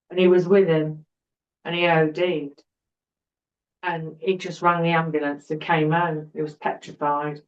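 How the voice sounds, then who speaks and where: A woman's voice: fairly low pitch, fairly even intonation, moderate pace. A middle-aged woman, a podcast guest telling her personal story in an earnest way and repeating words for emphasis. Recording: roomy, dull-sounding recording.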